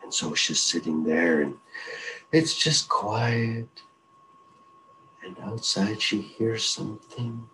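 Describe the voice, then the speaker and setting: A man's voice: on the low side, takes it slowly, long pauses, sharp tone, a little hiss or hum, low-quality recording. A man telling a traditional folk tale in a loose, repetitive, conversational style. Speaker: storyteller. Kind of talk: oral traditional storytelling.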